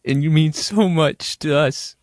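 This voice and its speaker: Male co-host, unhurried, earnest mock-sincere sign-off, dry close sound. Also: on the high side, no room sound. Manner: slow, earnest, mock-sentimental. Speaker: podcast co-host. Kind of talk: casual podcast chat.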